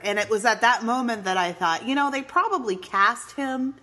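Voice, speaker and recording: A woman's voice: a little high, animated, moderate pace, bright, forceful tone. A woman co-hosting a casual movie recap, sarcastic, with laughing asides. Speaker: podcast co-host.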